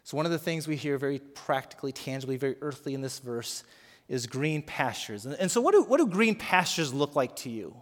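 A man's voice: mid-range voice, sing-song, a little fast, long reverb tail. A man preaching a sermon as pastor, earnest and emphatic, leading prayer and guiding the congregation. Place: worship center.

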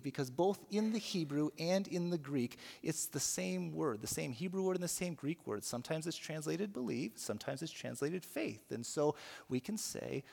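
A man's voice: fairly high pitch, expressive, moderate pace, vocal fry, a little mellow. A male pastor preaching a sermon, telling a story with frequent restarts and repeated words. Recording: long reverb of a large hall.

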